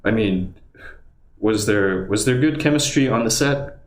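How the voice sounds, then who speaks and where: Speaking a little slowly in a fairly low voice, a man rambles casually on his livestream from home, muttering asides to himself. The audio has a roomy echo and a faint hum.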